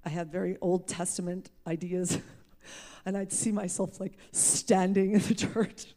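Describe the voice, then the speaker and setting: A woman with a lowish, warm voice speaks at a measured, level pace. She's a preacher sharing her personal testimony, candid and emphatic, and she often laughs at herself.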